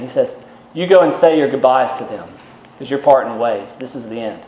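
A man's voice: mid-range voice, lively intonation, moderate pace, a little mellow. A man preaching a sermon that goes through scripture verse by verse, explaining in a conversational way and asking rhetorical questions. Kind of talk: expository sermon. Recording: roomy echo.

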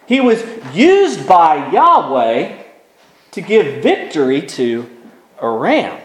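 Animated high-voiced preacher man in echoey room. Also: slow pace. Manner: animated preaching, reading scripture aloud with emphatic rises. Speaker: pastor. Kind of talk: sermon.

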